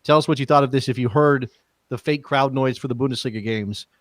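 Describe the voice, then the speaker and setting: A man with an American accent co-hosting a casual soccer talk show, jokey and thinking out loud with restarts. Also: mid-range voice, fairly quick, dry recording. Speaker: co-host.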